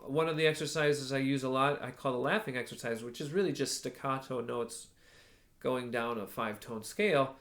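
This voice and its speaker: A male voice coach with a congested, stuffed-up nose talks through breathing technique. His tone is bright and forward. He keeps pausing to demonstrate vocal sounds mid-explanation. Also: mid-range voice. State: stuffed up from allergies. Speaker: voice teacher. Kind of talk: spoken voice lesson with sung demonstrations.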